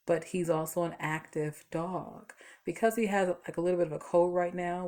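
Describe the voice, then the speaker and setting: A tired woman vlogs casually from home, talking to camera and rambling through stories with plenty of fillers. Her voice sits low, creaky and darkish in tone.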